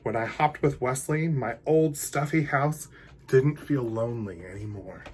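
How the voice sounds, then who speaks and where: A man reading a picture book aloud to children in an animated, playful way, with hushed asides. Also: mid-range voice, unhurried, slightly rough. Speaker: drag queen storyteller.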